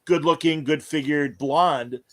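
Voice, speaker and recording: Male host, slightly high voice, chatty rambling storyteller, casual interview. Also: measured pace. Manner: rambling anecdotal storyteller, many fillers. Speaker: podcast host.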